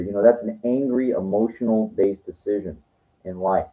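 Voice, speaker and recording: Rambling low-voiced man, dull recording. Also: normal speed. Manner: rambling, profane storytelling. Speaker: vlogger. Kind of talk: casual monologue.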